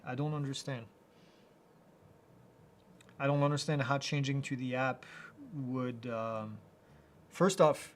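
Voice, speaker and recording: With a mid-range voice, this man hosts a live Q&A, voicing viewers' questions and answering them in a relaxed, faltering way heavy on fillers.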